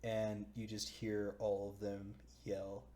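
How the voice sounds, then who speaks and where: A man's voice: lowish voice, completely flat delivery, slow pace, dark tone. A young man narrating a tabletop game as dungeon master, casual and full of fillers, often breaking into laughter.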